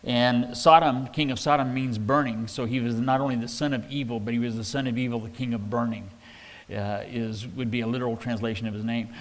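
A man's voice: mid-range voice, fairly even intonation, brisk. Man preaching in a reverberant hall. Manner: conversational, folksy, with restarts and paraphrased quotes. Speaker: pastor. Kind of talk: verse-by-verse sermon.

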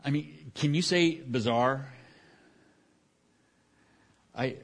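A man's voice: mid-range voice, takes it slowly. A middle-aged man as pastor preaching a sermon, talking conversationally with frequent restarts and asides.

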